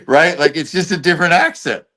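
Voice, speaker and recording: A man's voice: a little high, pushed and bright. Blunt, profane man in casual chat. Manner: profane street slang, loose and blunt. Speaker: interview guest.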